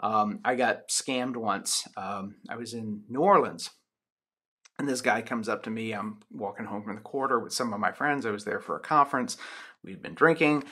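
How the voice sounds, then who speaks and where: A man's voice: lowish voice, normal speed, pushed and bright, breathy edge. A man lecturing on sociology in a loose, chatty way, with many ums and restarts. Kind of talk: recorded lecture with personal anecdote.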